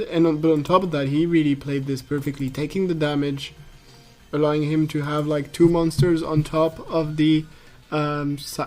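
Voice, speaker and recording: A man from France, French his first language, calls a live card game match in English. His voice sits fairly high for a man, and he rambles and restarts in a loose, chatty way. Faint music plays underneath. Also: darkish tone. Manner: chatty, laughs easily, many fillers and restarts. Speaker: esports caster. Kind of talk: casual live game commentary.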